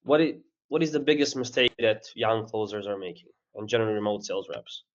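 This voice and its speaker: A man's voice: lowish voice, quick pace, muffled recording. A man interviewing a guest, asking informal, loosely phrased questions. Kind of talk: casual interview.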